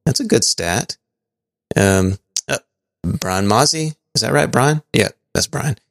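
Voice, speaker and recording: Gravelly-voiced guy cohosting a podcast, reads listener notes, kinda stumbly and laughy, dry close sound. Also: medium pitch, lively intonation, slow pace, no room sound. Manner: stumbling, chuckling, thinking aloud. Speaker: podcast co-host. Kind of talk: casual chat, reading out listener messages.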